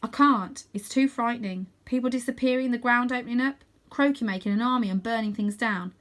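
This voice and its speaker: A woman reading a storybook aloud and voicing a frightened, weary girl who speaks quietly. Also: a little high, brisk, voice pushed up, close to an everyday voice. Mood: uneasy. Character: frightened, weary older sister.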